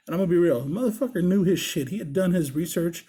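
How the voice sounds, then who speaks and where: Rich: A husky, mellow-toned man spins a casual story, swearing freely and acting out the back-and-forth in lively bursts. His voice sits a little high for a man, and the delivery is loose and conversational. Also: quick pace. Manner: profane, animated, acts out the dialogue. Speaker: body piercer and show host.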